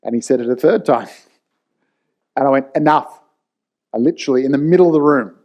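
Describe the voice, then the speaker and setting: The sound is lo-fi, carrying a medium-pitched male voice at normal speed. He's a leadership speaker in his forties giving a candid personal talk to camera, frank, casual and blunt in his storytelling.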